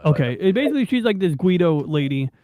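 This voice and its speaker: New guy hosting a chill podcast, rambles off topic, swears a lot, voice sits a bit high. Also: big pitch swings, quick pace, mellow, soft background music, poor audio. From New York. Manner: rambling, digressive, swears freely, many fillers. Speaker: podcast host. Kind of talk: casual rambling chat.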